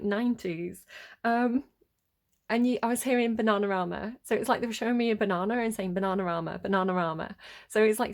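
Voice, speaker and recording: A woman's voice: fairly high pitch, a little mellow. A woman giving a casual tarot reading, giggly, playful and rambling. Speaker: tarot reader.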